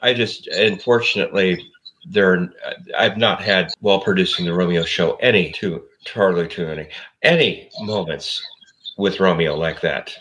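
A man's voice: sits low, normal speed, fairly bright tone, low-quality recording. A man in his fifties, a podcast producer and co-host, telling a rambling story in casual chat. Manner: rambling storyteller, self-interrupting.

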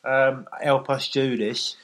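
A comedy podcast co-host with a mid-pitched, even voice. He chimes in and finishes his partner's lines. The recording is lo-fi and made on cheap gear. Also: slow. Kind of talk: improvised comic banter.

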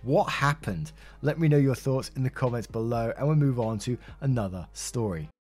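A man's voice: medium pitch, normal speed, darkish tone, soft background music. A man reading online posts aloud as a story narrator, adding wry casual asides between them.

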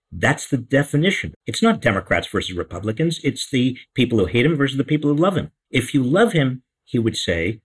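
A man's voice: mid-range voice, big pitch swings, a little fast, slightly rough, poor audio. A man in a casual political discussion, speaking emphatically and repeating words for stress.

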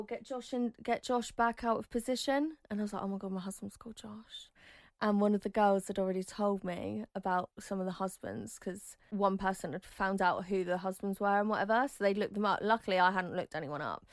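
A woman in her thirties tells her story as an interview guest. She is chatty and lively, jumping into high squeals when she acts out what people said. The sound is dry and close. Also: dry recording.

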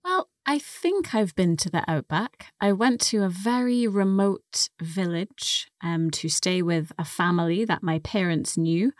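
A woman teaching English on a podcast. She speaks very slowly and carefully, with a slightly low voice. She breaks down words for learners, and the recording is dry and close. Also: lively intonation, dry recording. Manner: slow, careful explaining. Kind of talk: language-lesson podcast.

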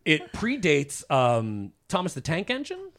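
A man's voice: on the high side, huge pitch swings, a little slow, fairly bright tone. A man presenting as a guest on a casual podcast, explaining with lots of fillers and restarts. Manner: hesitant, full of fillers.

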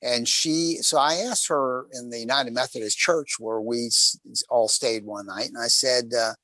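A man hosting a talk show, telling stories from a bike trip in a casual, animated way and acting out the quotes. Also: medium pitch, moderate pace, no echo. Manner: animated, rambling storyteller who acts out quotes. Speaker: radio show host on a cycling trip. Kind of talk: casual storytelling chat on air.

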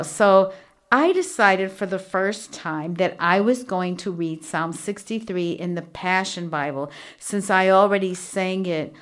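A woman hosting a solo devotional podcast from a small home studio, talking earnestly and chattily with many fillers. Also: lowish voice. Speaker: podcast host. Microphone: studio microphone with earphones.

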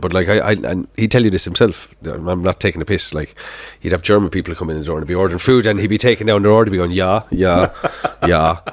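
A man, hosting a casual podcast chat full of swearing and teasing. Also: low voice. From Ireland. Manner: swearing, laughing, teasing banter.

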